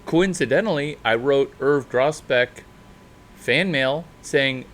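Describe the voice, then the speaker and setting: Animated man giving startup advice. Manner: animated, jumping pitch and loudness, drawn-out emphasis. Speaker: startup mentor speaker. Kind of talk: off-the-cuff monologue.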